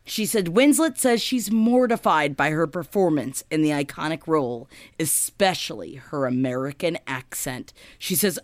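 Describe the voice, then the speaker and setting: Brief: lively, swearing female podcast co-host, very dry studio sound. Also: deep voice, moderate pace, few pauses, no room sound. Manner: swearing, animated, jokey. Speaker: podcast co-host presenting the list. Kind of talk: casual comedic podcast chat.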